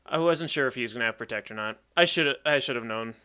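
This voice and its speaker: Commentating his own competitive Pokemon match, a young man on YouTube thinks out loud and makes jokes about himself in a casual way. He speaks quickly in a medium pitch, with a pushed, bright and clean tone.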